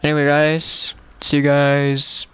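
Slow, smooth-voiced man rambling over gameplay. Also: on the high side, monotone, a bit bright, no room sound. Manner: rambling, talks to himself while building; chuckles often. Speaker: gaming channel host. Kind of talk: casual gameplay commentary.

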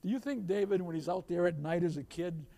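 A man preaching a sermon as pastor, reading scripture slowly and rising to loud calls for amen. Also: sits high. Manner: reads scripture slowly in King James wording; jokes with the congregation and laughs.

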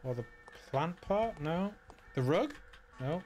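A man's voice: fairly high pitch, lively intonation, slow pace. A man giving casual, wry commentary while playing a video game, muttering dry asides to himself. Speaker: let's play gamer.

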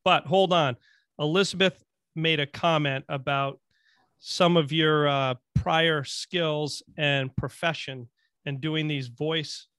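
A man's voice: on the high side, steady tone, slow pace, a bit bright, clear, resonant tone. A man from Vermont co-hosting a podcast in casual chat, joking and teasing. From Vermont, USA. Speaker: podcast co-host.

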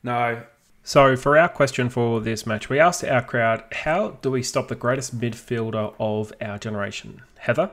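An Australian man co-hosting a casual podcast, easygoing and quick to laugh while reading listener questions. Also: mid-range voice, fairly bright tone. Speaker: podcast co-host.

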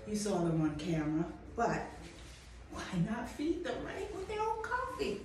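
A woman's voice: medium pitch, wildly swooping pitch, normal speed. Chatty woman chef in an echoey kitchen. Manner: chatty, encouraging, talks to the viewer. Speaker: chef and host. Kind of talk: cooking demonstration. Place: kitchen at a coffee company. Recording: echoey room, mic far off, background noise.

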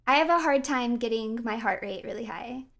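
A woman's voice: a little high, moderate pace, a bit bright. A woman streamer chatting casually while she plays, giggly and playful, often laughing. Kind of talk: casual chat while gaming.

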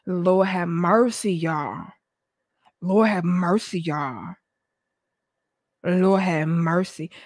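A woman hosting a live stream, reacting to her chat with dramatic, theatrical despair and swinging between shouted pleas and low mutters. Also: extremely slow, long pauses, no room sound, studio quality. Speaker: livestream host.

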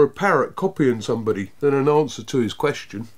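A man reading a children's book aloud, narrating in an expressive, lively way. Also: fairly high pitch, fairly quick, few pauses. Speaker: storyteller.

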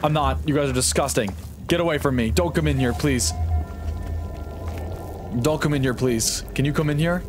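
A man streaming live gameplay, talking to himself in excitable bursts, swearing and jumping up into high-pitched yelps. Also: normal speed, long pauses. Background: game music.

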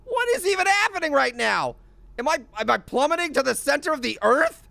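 A man's voice: very animated, fairly quick, bright, forceful tone, dry recording, exaggerated voice. A man voicing a hyper, wisecracking male talking orange who rambles through a video game in cartoon commentary. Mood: alarmed. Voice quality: squeaky, gravelly. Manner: rambling, exclaiming, self-talking. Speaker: gaming host. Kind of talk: cartoon let's play commentary.

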